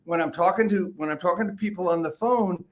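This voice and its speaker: A man's voice: sits high, fast. A man from the US Northeast with a Northeastern accent, hosting a podcast interview and talking in a blunt, direct way. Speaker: podcast host.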